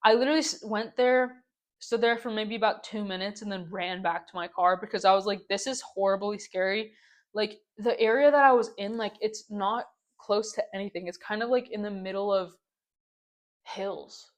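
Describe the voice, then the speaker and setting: A young woman talks at a moderate pace in a medium-pitched voice on the podcast she hosts. She rants in a casual, exasperated story-time ramble, saying "like" constantly and repeating herself.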